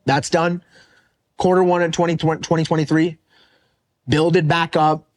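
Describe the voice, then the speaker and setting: A man's voice: on the high side, unhurried. Blunt, swearing young man telling his story. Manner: animated and blunt, swears often. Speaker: podcast guest, real estate wholesaler. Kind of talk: casual interview storytelling.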